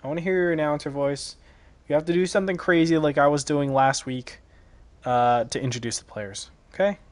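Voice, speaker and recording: A man's voice: fairly high pitch, steady tone, a little fast. A man casting esports in casual, joking co-commentary with mock-offended banter. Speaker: esports caster.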